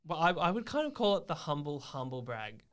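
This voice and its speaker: A man speaking as a guest on a podcast. His voice is smooth and clear, and he talks things through in a thoughtful, reflective way. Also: on the high side, sing-song, a little fast, fairly bright tone. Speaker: podcast guest, digital media worker. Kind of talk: casual interview chat.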